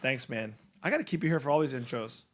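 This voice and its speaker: A man's voice: medium pitch, animated, fast talker, fairly bright tone. A man hosting a podcast in a studio room, chatting casually in an upbeat, teasing way and laughing often. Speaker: podcast host. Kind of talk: casual chat.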